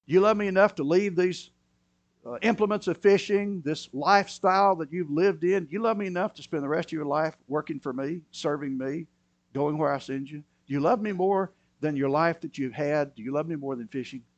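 A man preaching a sermon, moving between quiet, low asides and loud, emphatic bursts. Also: brisk, dry recording, muffled recording. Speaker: pastor.

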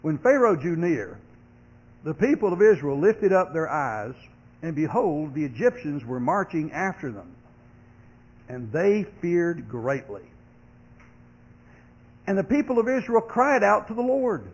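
Man, pastor, sermon, high voice, earnest preaching. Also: big pitch swings, unhurried, pauses often, poor audio. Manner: earnest preaching, rising loud when quoting complainers.

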